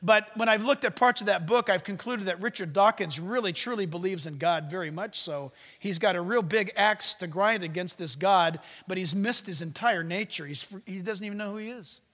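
A man preaching a sermon, swinging from loud commands to hushed asides. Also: high-pitched, moderate pace, few pauses, long reverb tail. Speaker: pastor.

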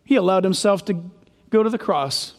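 A man's voice: sits high, expressive, normal speed, long reverb tail. A male pastor preaching a sermon, emphatic and full of rhetorical questions.

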